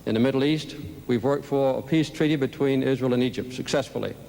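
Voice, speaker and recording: Man giving a careful debate answer, slow deliberate phrasing, old archive audio with a long hall echo. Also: mid-range voice, creaky, mellow. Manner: measured, deliberate, speechlike. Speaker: presidential debate candidate.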